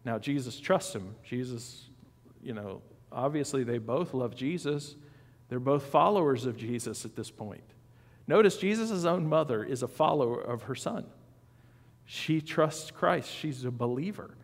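A man's voice: medium pitch, expressive, measured pace, big-room sound. A man preaching a sermon as pastor, in a conversational style with asides and questions to the congregation. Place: church sanctuary.

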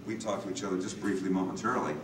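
Older guy with a lowish voice spinning a panel story, echoey hall, mic far off. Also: very fast, slight background noise. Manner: animated anecdote teller with acted quotes. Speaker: panel guest, voice actor. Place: convention hall.

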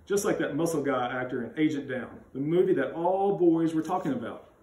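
A man reading a children's chapter book aloud with expressive, animated narration. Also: on the high side, brisk. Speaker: school read-aloud reader. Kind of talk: storybook read-aloud. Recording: roomy sound, mic at a distance.

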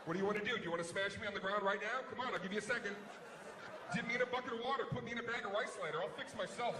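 A man performing a stand-up comedy routine on stage, animated, swinging between hushed mutters and shouted rants. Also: high voice, racing. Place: large comedy venue. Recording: live hall with crowd noise. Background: audience laughter.

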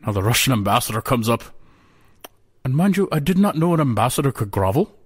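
A man telling a folk tale in a folksy, animated way. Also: medium pitch, fairly quick, slightly rough. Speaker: storyteller.

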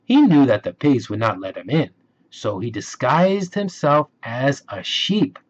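A man reading a children's storybook aloud, slow and expressive. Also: medium pitch. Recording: dull lo-fi recording.

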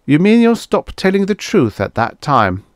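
A man's voice: sits high, sing-song, moderate pace, dry recording, studio quality, pitched above the performer's own voice. A man voicing a greedy, stubborn spaceman who talks eagerly in a raised voice. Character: greedy, power-hungry male spaceman.

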